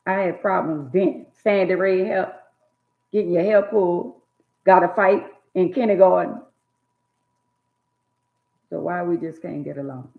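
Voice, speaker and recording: A woman's voice: on the low side, a little slow, vocal fry, long pauses. A woman preaching life advice straight to her viewers in an emphatic, sermon-like monologue. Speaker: vlogger giving life advice. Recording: tinny phone-like sound in an echoey room.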